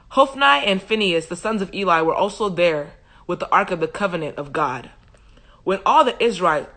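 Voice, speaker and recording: A young woman hosting a livestream, retelling a Bible story in a humorous, slangy, animated way into a phone mic. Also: fairly low pitch. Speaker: host. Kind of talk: casual Bible study retelling.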